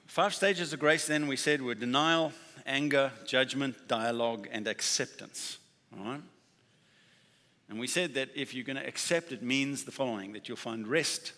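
Preacher in a reverberant hall. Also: male voice, medium pitch, moderate pace, pushed and bright. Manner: conversational preaching with acted-out dialogue and emphatic repetition. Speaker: pastor. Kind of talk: sermon.

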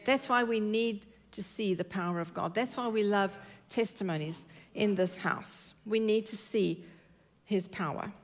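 A woman's voice: medium pitch, a little slow. A woman preaching a sermon in church, earnest and emphatic, repeating her key phrases.

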